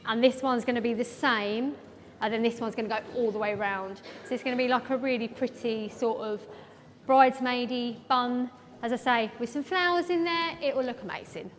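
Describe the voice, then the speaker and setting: Woman, hair educator, high voice, rambling chat, long hall reverb. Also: normal speed. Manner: chatty, rambling, lots of fillers. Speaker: hairdresser educator. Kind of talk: live hair demonstration with chat. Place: large event hall. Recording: echoey hall with faint background noise.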